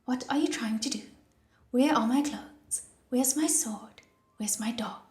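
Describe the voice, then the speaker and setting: A woman voicing a hot-tempered, flustered teenage boy who shouts and stammers indignantly in an audiobook reading. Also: on the high side, steady tone, normal speed, natural voice. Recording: roomy echo with soft music.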